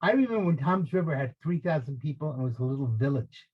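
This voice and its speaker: A man's voice: mid-range voice, expressive, fast, husky, lo-fi sound. An older man from New Jersey with a New Jersey accent, chatting casually as a guest and telling jokey stories with stammered restarts. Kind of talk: casual chat.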